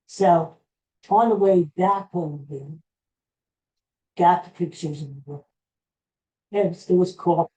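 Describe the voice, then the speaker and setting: Man, unhurried and halting, recounts a memory with many restarts; soft, dark tone. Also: high voice, poor audio. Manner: rambling, halting retelling with restarts. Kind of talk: personal storytelling.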